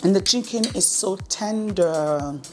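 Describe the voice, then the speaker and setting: A woman's voice: mid-range voice, takes it slowly. A woman hosting a casual cooking chat at a home table, teasing her guest and laughing often. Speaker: host. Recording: music playing underneath.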